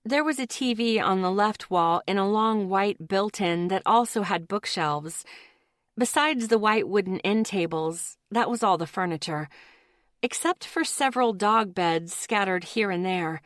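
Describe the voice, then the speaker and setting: Audiobook narrator: woman, even and intimate delivery, dry studio sound. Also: mid-range voice, measured pace, no room sound. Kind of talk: first-person audiobook narration.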